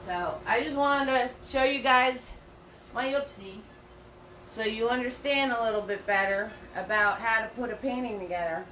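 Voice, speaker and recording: Here the painting instructor, a middle-aged woman, talks through a live class in a loose, chatty way, often restarting and using fillers. Recorded from afar in a roomy space with slight hum, her fairly high voice moves at normal speed with a fairly bright tone.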